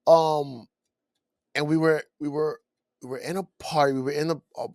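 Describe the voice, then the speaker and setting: New guy on a podcast, kinda high voice, tells stories and acts out the quotes, dry close mic. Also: normal speed, dry recording. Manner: animated storyteller who acts out quotes, laughs often. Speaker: podcast co-host. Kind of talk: casual storytelling chat. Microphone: studio podcast mic.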